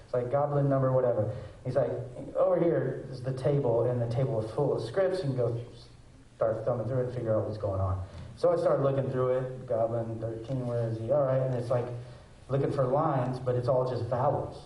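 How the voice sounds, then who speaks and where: A man's voice: mid-range voice, fairly quick. Man telling stories at a convention panel. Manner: animated storyteller, acts out quotes and goblin noises. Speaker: voice actor panel guest. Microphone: handheld mic, recorded from the audience. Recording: echoey hall from far off.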